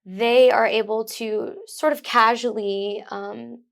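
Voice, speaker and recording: A young woman's voice with a slightly gravelly, fried texture. She is a guest in a conversational interview and speaks in a heartfelt, effusive way. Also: fairly high pitch, fairly even intonation, slow pace. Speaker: guest, new mother.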